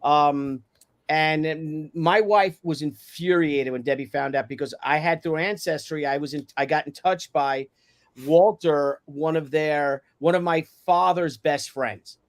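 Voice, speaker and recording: A man's voice: a little high, measured pace. Candid, rambling man on a stream. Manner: candid, rambling personal storytelling. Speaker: show host. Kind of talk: casual chat on a live stream.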